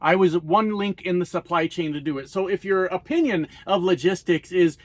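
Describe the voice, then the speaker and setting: A man's voice: on the high side, brisk, hardly any pauses, dry recording. Blunt, profane man ranting. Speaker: political vlogger, former truck driver. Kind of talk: profane political rant to camera. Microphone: phone.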